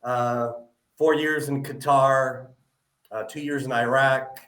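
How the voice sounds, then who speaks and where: A man's voice: mid-range voice, steady tone, slow pace, fairly bright tone, echoey room. A man hosting a live podcast interview, friendly and asking follow-up questions with lots of hesitations. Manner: friendly, asks follow-up questions, many "uh" fillers. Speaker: podcast host.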